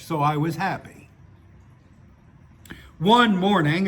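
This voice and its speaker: A man's voice: a little high, fairly bright tone. An older man reading his own stories aloud and breaking off into digressive, self-mocking asides. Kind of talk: story reading with chatty asides.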